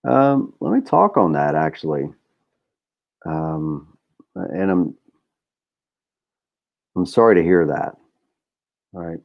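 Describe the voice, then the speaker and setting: This podcast host, a middle-aged man, speaks slowly in a low, sing-song voice with vocal fry and frequent pauses. His casual monologue is candid and rambling, packed with fillers and curse words, and the recording sounds lo-fi.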